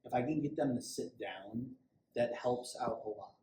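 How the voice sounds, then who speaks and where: Here a middle-aged police sergeant speaks at a moderate pace in a mid-range voice, giving a small group a relaxed, conversational talk on safety training and acting out small quotes along the way. Expect an echoey room, a distant mic and faint hiss.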